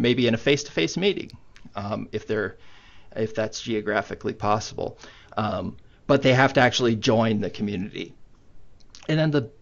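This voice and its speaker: Man, low gravelly voice, relaxed webinar presenter, muffled call audio. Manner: conversational, many fillers. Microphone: computer mic on video call. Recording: muffled online meeting audio.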